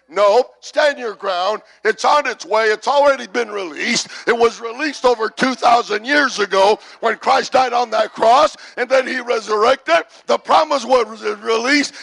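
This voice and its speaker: A man preaching with a high, gravelly voice. He drives home his points by repeating phrases, then climbs into loud shouted calls for the congregation to answer back. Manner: repetitive call-and-response preaching, builds to shouts. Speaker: pastor. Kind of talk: sermon. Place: church service.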